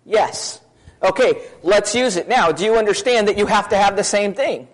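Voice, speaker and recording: A man preaching a sermon to his congregation, talking fast in a conversational way and asking many questions. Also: high voice, rough recording.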